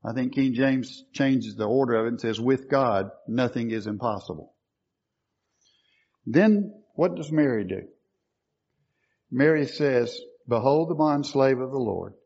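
A man's voice: medium pitch, a little slow, long pauses, darkish tone, breathy edge, dull audio. A man preaching a sermon, quoting scripture and stressing key words emphatically.

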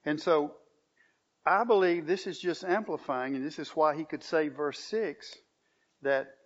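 A man delivers a sermon in a somewhat high voice, reading scripture aloud and stressing key phrases. His delivery swells emphatically. The recording is muffled and lo-fi. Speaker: pastor. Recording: dull lo-fi recording.

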